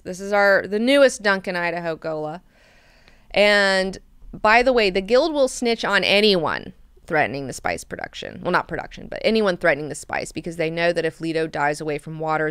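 A woman hosting an online book club, recapping chapters in an animated, enthusiastic way and swearing freely. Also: lowish voice, clean tone, no room sound, studio quality. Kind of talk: casual book discussion.

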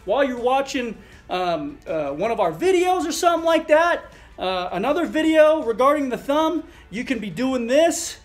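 A middle-aged male chiropractor demonstrating a thumb exercise, talking through each movement in a relaxed way with fillers. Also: very high voice, moderate pace.

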